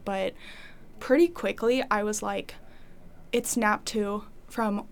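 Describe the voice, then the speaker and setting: A young woman speaks slowly and with fairly even intonation at a medium pitch. She's telling her faith story in a relaxed, rambling testimony, full of "like" fillers and frequent reenactments of her old thoughts.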